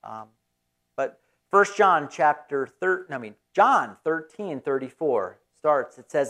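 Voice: mid-range voice, very animated, slow, fairly bright tone. A pastor giving a conversational, folksy sermon in church.

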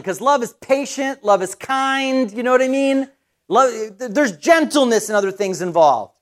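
A middle-aged pastor with an extremely high-pitched voice preaches a lively, conversational sermon, telling a personal story full of quick restarts.

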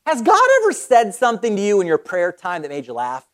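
An excited Bible teacher leads a casual study, with a voice that rises and falls a lot. The talk is loose and conversational, full of quick restarts and asides to the listener. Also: mid-range voice. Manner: enthusiastic, conversational, with frequent restarts.

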